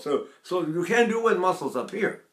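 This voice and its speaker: Older male vocal coach, higher speaking pitch, echoey classroom sound. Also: expressive, fairly quick. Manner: talks to his class, breaks into brief sung and nasal demonstrations. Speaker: voice teacher. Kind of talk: vocal lesson with sung demonstrations.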